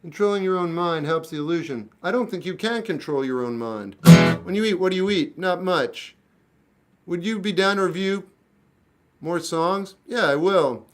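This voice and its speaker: This is a man in his fifties with a slightly raised pitch who talks in a blunt, deadpan way. He gives clipped one-word answers as he reads out questions, and a faint guitar can be heard behind him. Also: moderate pace. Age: 50s. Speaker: musician answering live chat questions. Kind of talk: casual live-stream chat.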